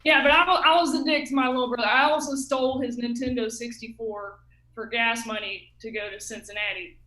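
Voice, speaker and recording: A woman's voice: fairly high pitch, steady tone, brisk, bright, forceful tone, roomy sound, rough recording. A woman in her thirties from Ohio doing a rambling, self-mocking open mic stand-up set, laughing at her own jokes. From Ohio, USA. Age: 30s. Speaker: stand-up comic.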